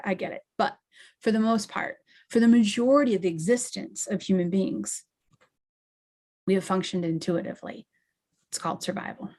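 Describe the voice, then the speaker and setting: A woman hosting a podcast as an intuitive medium, giving a slow, deliberate, step-by-step teaching talk to her listeners. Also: on the low side. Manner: slow, deliberate, emphatic instruction. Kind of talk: guided teaching monologue.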